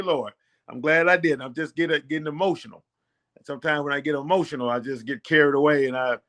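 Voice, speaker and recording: A man's voice: on the high side, a bit bright. A middle-aged man giving a motivational talk to his channel's viewers, preachy and repetitive, getting fired up as he encourages them. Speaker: network marketing channel host.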